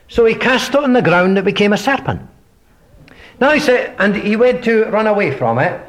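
A man preaching a sermon in an emphatic way, asking rhetorical questions and dropping from loud lines to hushed ones. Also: sits high, expressive, moderate pace.

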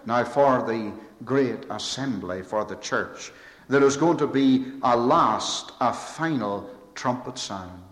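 A man's voice: mid-range voice, animated, takes it slowly, a bit bright. A man preaching a sermon in a large, reverberant hall, his voice rising and falling through a wide range. He builds emphatic, repetitive lists and leans hard on key phrases. A long echo trails behind every line.

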